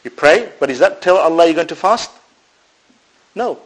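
Captured on a low-quality recording, this male preacher speaks at a moderate pace in a voice on the high side with a slightly rough texture. Addressing a live crowd, he asks and answers his own rhetorical questions, slips in Arabic religious phrases, and shifts animatedly between loud and soft.

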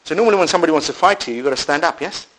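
Talking very fast in a fairly high-pitched voice, a male Islamic preacher addresses a live audience over poor audio. He answers the rhetorical questions he asks, weaves in Arabic religious phrases, and delivers it animatedly, swinging from loud to soft.

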